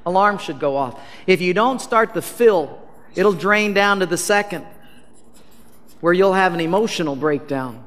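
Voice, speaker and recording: A man preaching as a pastor, telling a story with animated, self-mocking humor and acting out the dialogue. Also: high voice, a little slow. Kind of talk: storytelling sermon. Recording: reverberant hall.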